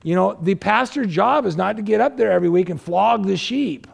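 A male pastor with a strongly gravelly, rough edge to his voice, pitched a little higher than most men. He preaches conversationally, firing rhetorical questions at the congregation and swinging between emphatic raised lines and low, quiet asides. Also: lively intonation, fairly quick. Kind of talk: sermon.

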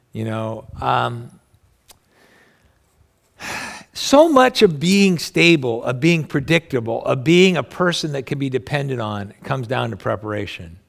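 Gravelly-voiced middle-aged man preaching casually. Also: mid-range voice. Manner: rambling, folksy, with family anecdotes and many asides. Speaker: pastor. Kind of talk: conversational sermon.

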